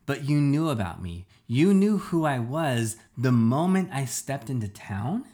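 A man's voice: medium pitch, big pitch swings, measured pace, dark tone, pitched above the performer's own voice. A man reading a storybook aloud, voicing a hurt young boy defending his father. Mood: upset. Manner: upset, protesting.

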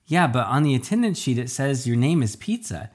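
A man's voice: mid-range voice, very animated, fairly quick, husky, pitched above the performer's own voice. A man voicing a friendly female schoolteacher who is polite and a little hesitant. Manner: bright, polite, slightly hesitant.

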